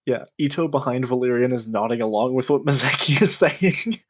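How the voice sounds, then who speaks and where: A man's voice: medium pitch, brisk. A man describing his character's actions in a tabletop role-playing game in an amused, laid-back way. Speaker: player. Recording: dull lo-fi sound.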